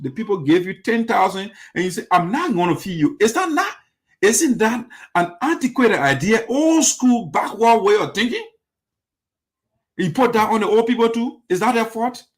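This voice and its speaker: Animated and speaking at normal speed, this commentary show host has a voice that sits high. He critiques politics indignantly, asking rhetorical question after rhetorical question and returning to the same points.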